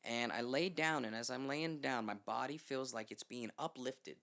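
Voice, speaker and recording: A man's voice: mid-range voice, moderate pace. A man as a podcast guest, telling a long story in a casual, rambling way, swearing freely and acting out what people said. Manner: rambling, animated, swears freely, acts out quotes. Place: podcast studio.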